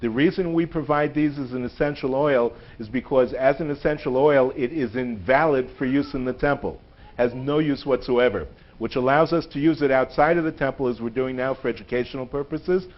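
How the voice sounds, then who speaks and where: A man's voice: mid-range voice, brisk. Joking man lecturing, lo-fi recording. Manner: jokey, chatty teacher who laughs at his own puns. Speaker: guest lecturer. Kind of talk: live lecture to a group. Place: synagogue hall. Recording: dull lo-fi phone recording.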